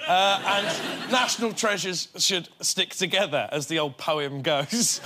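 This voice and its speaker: A man's voice: sits high, slow, long pauses, heavy background noise. A man on a comedy panel show, arguing a mock debate earnestly with some hesitant fillers. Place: TV studio with audience.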